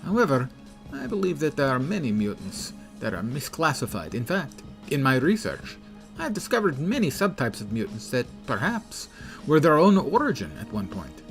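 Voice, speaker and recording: A man's voice: medium pitch, sing-song, normal speed, faint music behind, voice pushed up. A man doing a cold Russian-accented mutant scientist. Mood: lecturing. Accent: put-on Russian. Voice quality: exaggerated, self-mocking accent. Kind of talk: reading game dialogue aloud.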